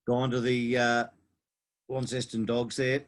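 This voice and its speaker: An Australian man co-hosting a casual betting podcast, telling a story in halting phrases with frequent restarts. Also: mid-range voice, little pitch movement. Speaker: podcast co-host.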